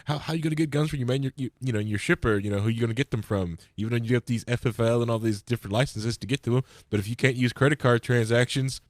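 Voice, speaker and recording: A man co-hosting a political podcast in casual chat, rambling and building up steam as he talks. His voice sits at a middle pitch. The sound is dry and close. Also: fast talker, hardly any pauses, no echo. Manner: rambling, gets worked up and loud. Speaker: podcast co-host.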